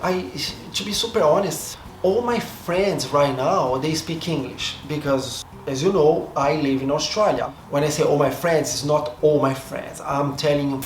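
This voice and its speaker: A man's voice: fairly high pitch, measured pace, hardly any pauses. A man from Brazil with a Brazilian accent, a Portuguese native speaker, talking to his camera in a reflective, hesitant way, often stopping to restart and rethink his words. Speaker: vlogger. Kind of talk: casual monologue to camera. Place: seated in front of a camera. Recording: echoey room, faint background noise.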